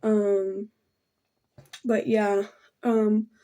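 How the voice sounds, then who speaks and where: A young woman telling a personal story while doing her makeup, halting and rambling with many fillers, soft and apologetic. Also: mid-range voice, little pitch movement. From Thailand. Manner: halting and rambling, full of ums and likes; soft and subdued, keeps apologizing. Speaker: vlogger.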